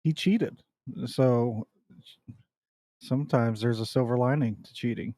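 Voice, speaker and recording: A man's voice: mid-range voice, unhurried, mellow, dry recording. A man on a casual podcast chat, teasing his co-hosts and laughing often. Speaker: podcast co-host.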